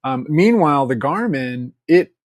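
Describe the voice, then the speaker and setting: A man telling stories as a podcast guest, casual and animated, laughing often and acting out quotes. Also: on the high side, a little slow, no echo, clean studio sound. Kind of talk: casual interview storytelling.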